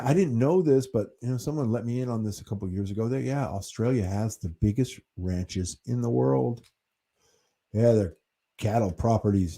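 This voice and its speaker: A man's voice: mid-range voice, warm tone, slightly rough. An American man hosting his own channel, chatting casually with viewers in a rambling, easygoing way that includes casual swearing. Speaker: channel host reading chat. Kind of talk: casual livestream chat.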